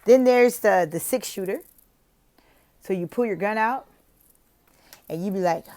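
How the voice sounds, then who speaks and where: A woman's voice: medium pitch, a little slow, pauses often, dark tone. Playful woman sharing classroom tips. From lives in Oklahoma, not from there. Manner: playful, laughs often, acts out classroom chants. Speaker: online teacher and video host. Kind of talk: casual teaching tips vlog.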